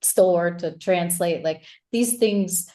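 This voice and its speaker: A woman with a slightly low voice hosts a casual interview. She asks encouraging questions and rambles a little as she works her way to the point. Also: takes it slowly, dark tone. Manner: rambling, many fillers and restarts, encouraging questions. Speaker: interviewer and retreat host.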